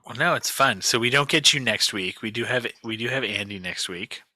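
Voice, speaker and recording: A man's voice: mid-range voice, fairly quick, sharp tone, no echo. A man hosting a pop culture podcast, chatting casually in a jokey, rambling way. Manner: jokey, rambling, swears freely. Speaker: podcast host. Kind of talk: casual chat.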